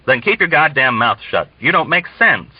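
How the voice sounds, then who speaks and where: A man's voice: on the high side, very animated, normal speed, breathy edge, no room sound, pitched above the performer's own voice. A man voicing a bloated, bellowing army colonel who bullies and sneers, in a dull, dry recording. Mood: contemptuous. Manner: roaring, blustering and sarcastic.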